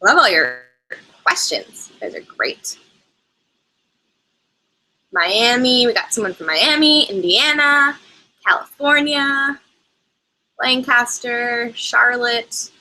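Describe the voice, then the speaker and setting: A bubbly woman chatting live with her viewers about travel. Her voice is bright and forward, and she laughs often between her easy, casual answers. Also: on the high side, lively intonation, slow pace, long pauses, a little hiss or hum, low-quality recording. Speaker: travel vlogger host. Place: lives in Canada.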